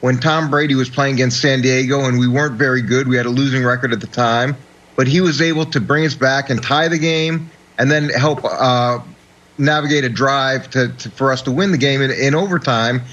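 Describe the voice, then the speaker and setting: A man's voice: mid-range voice, fairly quick, a bit bright, muffled recording. A middle-aged man, a former football coach, giving analysis on a sports talk show, often restarting and repeating words as he thinks.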